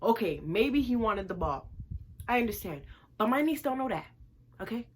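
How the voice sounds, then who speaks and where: Animated woman vlogger telling a story. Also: on the high side, moderate pace, a little hiss or hum. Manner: animated, emphatic, repeats lines for effect.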